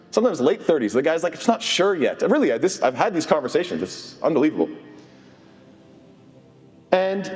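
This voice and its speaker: Male preacher, earnest sermon voice, slightly high, long hall reverb. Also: a little mellow. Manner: earnest, mixes Arabic phrases. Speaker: imam. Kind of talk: mosque sermon.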